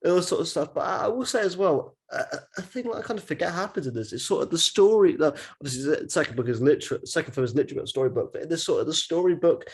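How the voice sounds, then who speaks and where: A man's voice: fairly high pitch, lively intonation, racing, hardly any pauses, slightly rough. A man hosting a casual film podcast, rambling and laughing often as he talks. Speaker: podcast host. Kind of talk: casual chat.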